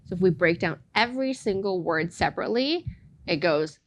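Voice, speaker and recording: A woman teaching a casual language lesson, playful, modeling phrases slowly and clearly. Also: fairly low pitch, lively intonation.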